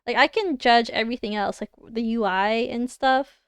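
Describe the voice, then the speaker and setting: A woman's voice: on the high side, moderate pace, a bit bright, clean tone, no room sound. A young woman with a Canadian accent, chatting casually and giggling as she reacts to viewers on a livestream. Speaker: livestreamer reviewing design work.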